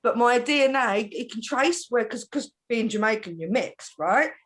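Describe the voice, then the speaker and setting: Middle-aged woman, bit high voice, chatty and animated, laughs a lot while telling stories. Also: normal speed. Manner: animated storytelling, laughs often. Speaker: panel host. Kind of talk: casual group chat.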